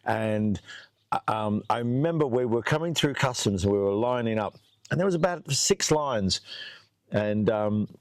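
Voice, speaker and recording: A man's voice: on the low side, moderate pace, dry recording. A man hosting a casual chat, telling a long funny story with lots of laughing. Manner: animated storyteller doing voices, laughs often. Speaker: host. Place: outdoors under a tree.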